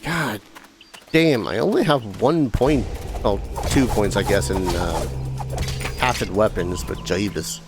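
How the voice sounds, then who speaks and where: A man's voice: fairly low pitch, lively intonation, slow pace, music in the background. A man hosting a let's play, giving casual, rambling gameplay commentary with joking asides. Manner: rambling, joking asides, reads game text aloud.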